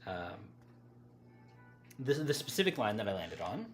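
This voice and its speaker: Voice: mid-range voice, sing-song, a little slow, faint music behind. A livestream host chatting casually with viewers, rambling, breaking off mid-thought and laughing often.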